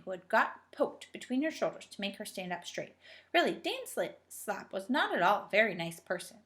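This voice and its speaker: Brief: woman, mid-pitched, steady gentle storybook reading. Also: moderate pace, vocal fry. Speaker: reader. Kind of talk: reading a children's storybook aloud.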